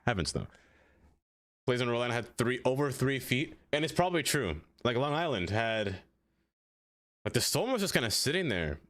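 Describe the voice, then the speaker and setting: In a mid-range, expressive voice with a fairly bright tone, a man chats briskly on a live stream while playing a city-building game. He rambles, answers viewers by name, and fills his talk with "like."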